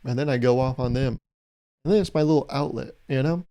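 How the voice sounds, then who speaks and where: A man's voice: medium pitch, brisk, warm tone, clear, resonant tone. A young man hosting a solo podcast, talking in a loose, rambling, jokey way and chuckling at his own bits. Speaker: podcast host.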